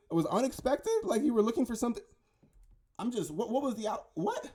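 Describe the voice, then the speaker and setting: A conspiracy commentator rambles casually and insistently, often tripping over his words and repeatedly asking "right?" and "okay?". His very high voice swings widely in pitch, moves fairly quickly, and sounds a little mellow.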